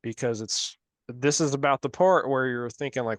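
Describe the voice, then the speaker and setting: A man's voice: mid-range voice, normal speed, no room sound. A man leading a group religious study discussion, talking earnestly and carefully, often correcting his own wording.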